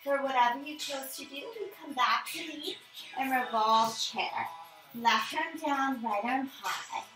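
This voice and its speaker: A woman leading a power yoga class, giving calm, encouraging step-by-step cues. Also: sits high, unhurried. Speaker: yoga instructor. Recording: echoey room, mic at a distance, music behind.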